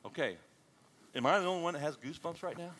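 A man preaching a sermon to his congregation, animated and joking, often calling out questions to the room. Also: on the high side, fast talker. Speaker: pastor.

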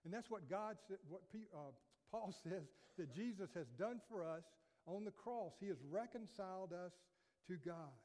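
A man's voice: sits high, normal speed, darkish tone. A man pastor preaching a sermon earnestly, quoting scripture and asking rhetorical questions. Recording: long reverb of a church hall.

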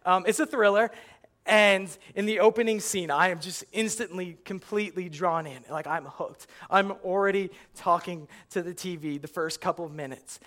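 A young man performing a stand-up comedy routine, telling animated stories and acting out his own reactions. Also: high-pitched, normal speed. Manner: animated storytelling, acts out yelling at the screen.

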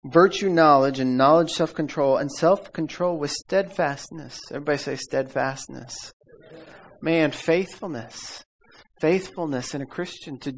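A man's voice: on the high side, creaky. A man preaching a casual sermon, calling out for amens and audience repeats, laughing as he tells stories. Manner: laughs often while telling stories. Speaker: pastor. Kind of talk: conversational sermon.

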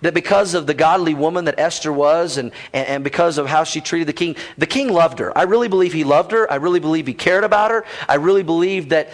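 A man's voice: a little high, quick pace, hardly any pauses. A male pastor giving a conversational, joking sermon in a teacherly way.

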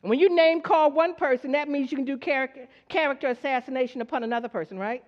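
Her voice sits high and moves at a quick pace as she preaches to the congregation in a church hall. She asks them questions in call-and-response fashion and performs her story's characters in quoted voices, all on a dull, lo-fi recording with a long hall echo.

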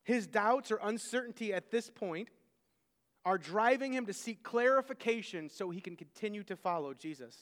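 A man's voice: sits high, expressive, moderate pace, a bit bright. A man preaching a sermon, emphatic, often repeating and restarting his phrases. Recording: long hall reverb.

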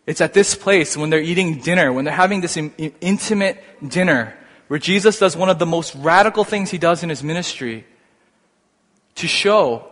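A man delivers a sermon, working through scripture with animated, rising emphasis. His voice sits fairly high, and a long reverb trails behind it in a hall. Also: normal speed. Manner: animated, builds to excited emphasis. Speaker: preacher.

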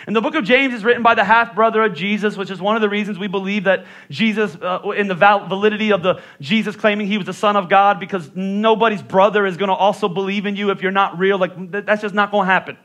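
A middle-aged male pastor from the Northeastern US, with a high, bright voice that carries well. He preaches in a loose, conversational way, joking with his congregation. His speech has a clear Northeastern accent. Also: fairly even intonation, fast, hardly any pauses. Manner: conversational and joking, with playful voice impressions. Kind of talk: sermon.

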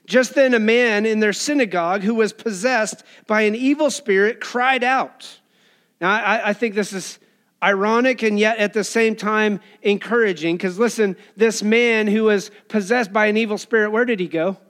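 A man preaching a sermon in a lively, casual way, acting out quoted voices with colloquial asides. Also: high-pitched, normal speed, clean tone. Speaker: pastor.

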